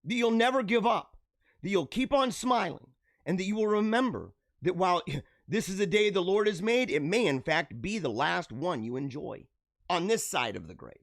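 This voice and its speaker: Man, high voice, preachy and exuberant, dry close sound. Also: animated, normal speed, fairly bright tone, no room sound. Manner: preachy and exuberant, laughs often. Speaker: live show host. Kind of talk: motivational monologue.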